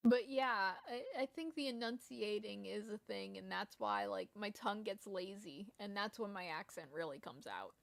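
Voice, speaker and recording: A woman's voice: medium pitch, moderate pace, creaky, hardly any pauses, no echo. A woman from Rhode Island with a Rhode Island accent tinged with Southern, a lisp, chatting casually and rambling while streaming a game. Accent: Rhode Island mixed with Southern US. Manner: rambling, self-deprecating, many restarts. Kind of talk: casual gameplay chat.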